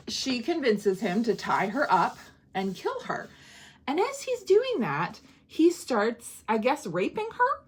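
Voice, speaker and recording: A woman talking through a film review in a casual vlog. Her voice sits fairly high and swings widely in pitch as she chats, laughs and acts out snippets of dialogue. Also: a little slow, breathy edge. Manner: animated, chatty, laughs often, acts out quotes.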